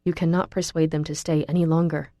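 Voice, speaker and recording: A woman's voice: low voice, level tone, fairly quick, mellow, no room sound, clean studio sound, natural voice. Woman doing a young man's harsh whisper. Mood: tense. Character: stern young man, urgent and insistent.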